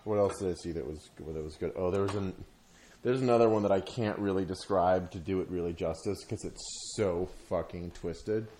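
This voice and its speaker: Low-voiced man rambling in casual chat. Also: warm tone, slight background noise. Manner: rambling, halting, swears often.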